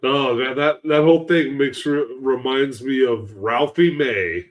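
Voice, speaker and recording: A man's voice: mid-range voice, a little slow, dull audio. Man, podcast co-host, mid-range voice, laid-back, casual chat.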